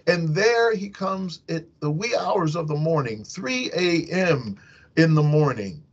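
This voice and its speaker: A man speaking as a hospital chaplain gives a devotional meditation in a conversational way, correcting himself as he goes. His voice is fairly high and animated, and his pace is slow. The recording is dull and lo-fi.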